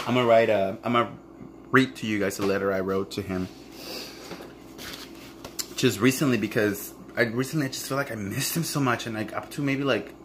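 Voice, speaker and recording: A man's voice: on the low side, fairly bright tone, a little hiss or hum. A man talking candidly to camera in a raw, profane, emotional monologue about a past relationship. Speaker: vlogger.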